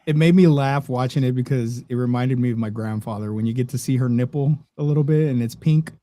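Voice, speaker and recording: A man's voice: medium pitch, quick pace, warm tone, no room sound. A man co-hosting a casual podcast, telling long stories and swearing freely. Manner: rambling storyteller, swears freely. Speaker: podcast co-host.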